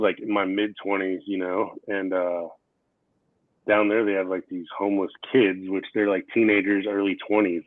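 A blunt, profane man in his forties co-hosts a casual podcast, telling stories with heat. His voice sits a little low and comes through a tinny, phone-like line with no room sound. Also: no room sound. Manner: blunt, profane, heated storyteller. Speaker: podcast co-host.

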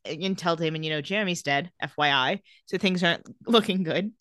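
A woman's voice: on the low side, brisk, dry recording, studio quality. A young woman co-hosting a casual recap podcast, laughing often and acting out characters' lines. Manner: lively, laughs often, acts out quotes. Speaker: podcast co-host.

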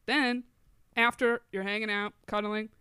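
A woman's voice: mid-range voice, steady tone, a little slow, pushed and bright, clear, resonant tone, dry recording, clean studio sound. A woman chatting casually, telling frank personal stories with lots of fillers. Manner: frank, rambling, filler-heavy. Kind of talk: casual chat, storytelling.

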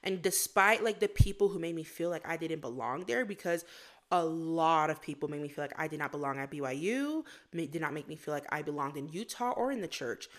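A young woman from Florida chatting as a podcast guest. She talks in a lively, animated way and slips into acted-out quotes as she tells her stories. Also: low voice, brisk. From Florida, USA. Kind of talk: casual interview chat.

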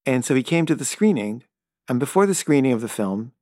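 A man's voice: mid-range voice, sing-song, a little fast, a little mellow, no room sound, clean studio sound. Rambling middle-aged man telling a story. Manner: loose and rambling, full of "like" and "kinda"; stammers and repeats himself when flustered. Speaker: filmmaker. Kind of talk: casual spoken anecdote.

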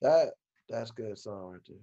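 A man co-hosting a casual chat, relaxed and slangy. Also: mid-range voice, moderate pace, muffled recording. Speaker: podcast co-host.

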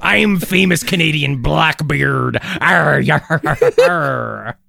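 A man's voice: fairly high pitch, takes it slowly, gravelly, sharp tone, dry recording, clean studio sound, full character voice. A man putting on a boastful Canadian pirate with a growling pirate laugh. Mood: hammy boasting.

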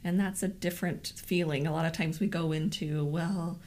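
Earnest woman with a lowish voice. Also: fairly even intonation, normal speed, darkish tone. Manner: affirming, earnest, explanatory. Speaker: co-host. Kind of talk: casual chat on grief.

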